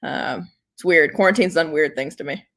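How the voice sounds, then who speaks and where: A young woman guest on a casual video chat, laughing often and giving quick, short answers. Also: low-pitched, fairly bright tone. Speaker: guest, physical therapist and coach. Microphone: video call.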